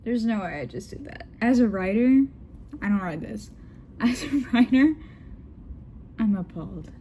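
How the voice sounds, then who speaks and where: A woman's voice: mid-range voice, animated, moderate pace, noisy background. A young woman reading fanfiction aloud with giggly, joking asides. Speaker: vlogger.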